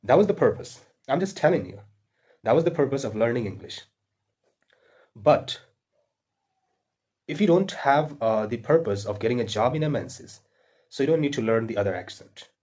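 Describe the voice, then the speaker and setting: A man's voice: medium pitch, expressive, moderate pace, long pauses, darkish tone. A man with an Indian accent giving earnest, repetitive spoken advice to English learners, with frequent fillers and restarts.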